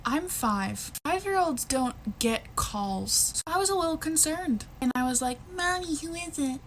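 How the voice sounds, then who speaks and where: This is a young woman with a lively, swooping delivery who tells a casual storytime. She acts out the people in her anecdote. Her voice sits a little high. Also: a little slow, a little hiss or hum. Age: young adult.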